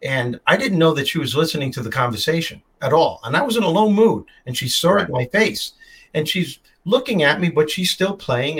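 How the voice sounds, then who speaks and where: A man's voice: a little high, a bit bright, poor audio. An older man hosting a show, telling stories in an emphatic, heartfelt way. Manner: storytelling, emphatic. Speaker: host. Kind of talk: casual chat.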